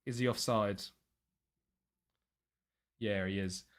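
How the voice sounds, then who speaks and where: A young man streaming live, chatting and thinking aloud over a football management game, with excited bursts at chances. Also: on the low side, slow pace. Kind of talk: live gameplay commentary.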